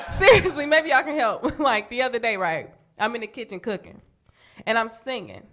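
Brash, lively Chicago woman comic. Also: normal speed. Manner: brash, profane, swings into high squealing voices for quotes. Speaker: stand-up comedian. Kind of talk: stand-up comedy set. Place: comedy club stage.

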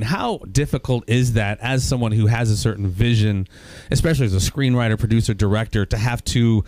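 A man's voice: lowish voice, darkish tone, no room sound. A man co-hosting a radio interview show, asking rambling, enthusiastic questions in the studio.

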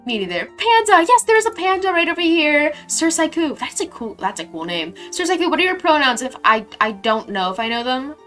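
A young woman streaming a game, chatting casually and reading her chat aloud with sudden excited squeals. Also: high voice, fairly quick, hardly any pauses, faint music behind.

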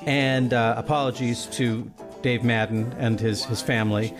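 Male podcast host, wry and measured, reads a precise scripted intro. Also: medium pitch, fairly even intonation, music in the background. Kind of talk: scripted intro, then casual chat.

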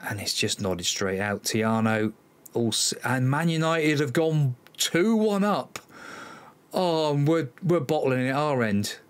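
A man's voice: medium pitch, lively intonation, unhurried. Exasperated man commenting on gameplay. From Cornwall, England. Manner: exasperated, sighing, talks to his players. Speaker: game commentator and let's-play host.

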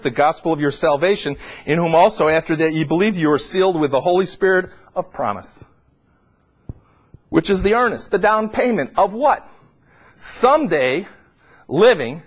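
A middle-aged man preaching a sermon, swinging between loud, high emphatic peaks and low, quiet asides.

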